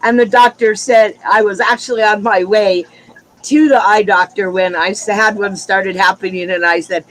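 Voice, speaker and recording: Man with a high voice, frank casual chatter, exasperated storyteller. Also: steady tone, normal speed, a bit bright, poor audio. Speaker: livestream chat participant. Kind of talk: casual group chat.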